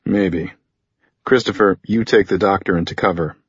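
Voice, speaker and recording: A male audiobook reader voicing a calm, decisive soldier giving curt orders. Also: sits low, normal speed, slightly rough, no echo. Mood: commanding. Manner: curt, commanding. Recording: dull lo-fi recording.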